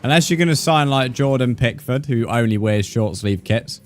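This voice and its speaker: Streaming a game live, this young man from the United Kingdom talks with his viewers in a relaxed British English accent, using words like "bro" and "mate." He has a medium-pitched voice, animated and moderately paced, with faint music behind him.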